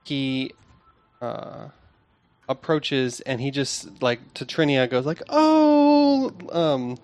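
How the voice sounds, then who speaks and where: A man's voice: medium pitch, fairly even intonation, slow. Rambling male game master. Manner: loose, filler-heavy narration. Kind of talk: narrating a tabletop game.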